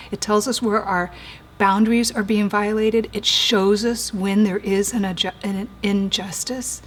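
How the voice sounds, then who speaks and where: An earnest woman teaches in a somewhat high, husky voice. She slows down and sinks to a hushed whisper to stress a point. She sounds like a therapist explaining ideas calmly to listeners. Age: 40s or older. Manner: earnest, slows and drops to a soft whisper for emphasis. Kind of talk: teaching talk.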